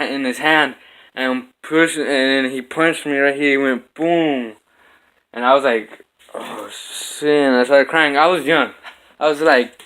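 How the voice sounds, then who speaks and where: A man's voice: a little high, bright, forceful tone. A young man vlogging from his home kitchen, telling a fight story casually and acting out the punches with sound effects.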